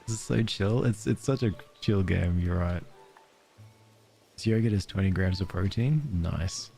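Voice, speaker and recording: An Australian man with a lowish voice streams a cozy game, chatting easily and laughing a lot. His tone is dark and mellow, and a faint bit of music plays behind him. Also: measured pace, creaky. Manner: chatty, laughs often, thanks chat viewers. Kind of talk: casual live-stream commentary.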